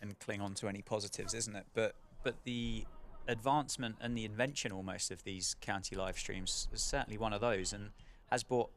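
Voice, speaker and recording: A man's voice: fairly low pitch, brisk, few pauses, a little hiss or hum. A man commentating live on a county cricket match, chatting between balls and lifting for big moments. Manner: conversational, rising to excited calls at wickets.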